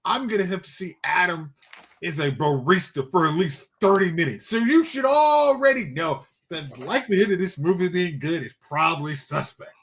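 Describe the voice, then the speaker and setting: A man co-hosting a casual movie podcast, ranting in excited bursts. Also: high voice, normal speed. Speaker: podcast co-host.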